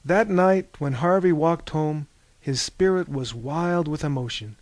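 Male storyteller, slightly raised pitch, dry booth, animated reads. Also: measured pace, dry recording. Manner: animated, bursts into loud high character shouts. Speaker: narrator. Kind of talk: audiobook narration.

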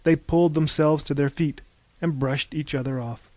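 A man narrating an audiobook in a calm, wry storytelling manner. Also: fairly high pitch, normal speed, no echo.

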